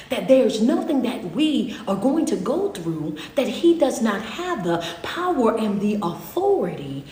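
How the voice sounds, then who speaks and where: Woman preacher, high voice, call-and-response delivery, recorded in an echoey room. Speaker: motivational speaker. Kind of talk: preaching sermon.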